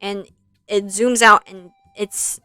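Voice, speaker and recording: A woman's voice: mid-range voice, fairly even intonation, slow, pushed and bright, clean tone, dry recording, soft background music. A young woman streaming, casually retelling a story in a rambling, easily sidetracked way.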